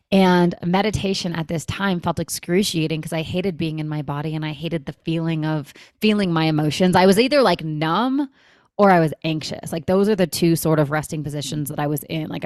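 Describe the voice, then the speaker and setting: Woman in her 30s, deep for a woman, lively storyteller, dry close mic, podcast guest. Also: moderate pace, no echo. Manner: animated, acts out quoted dialogue, frequent "like". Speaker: guest, breathwork company founder. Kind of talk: conversational storytelling.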